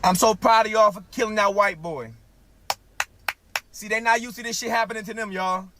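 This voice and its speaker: A man's voice: sits high, fairly even intonation, normal speed, bright, forceful tone, slight background noise. A man talking casually in a played clip, loose and provocative with slang.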